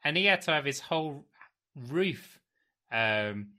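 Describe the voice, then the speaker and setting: A man's voice: a little high, lively intonation, a little slow, sharp tone. A man co-hosting a casual chat podcast, telling meandering anecdotes and easily amused. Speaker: podcast co-host.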